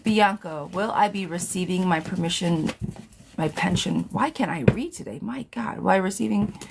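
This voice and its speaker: A woman's voice: lowish voice, normal speed, creaky, background noise. A woman doing live tarot readings, reading viewer questions aloud and answering them in a blunt, chatty way. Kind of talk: casual live-stream chat.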